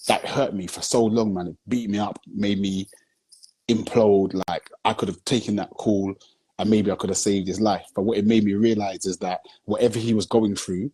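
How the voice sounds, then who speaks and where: A man speaks candidly as a guest on a live video chat, earnest and searching as he checks that you follow him. His voice sits low, with a mellow, husky texture. He sounds like he is on a phone mic during a live stream. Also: fairly even intonation, normal speed. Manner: earnest storytelling, heavy with "you know what I'm saying". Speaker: guest, film director.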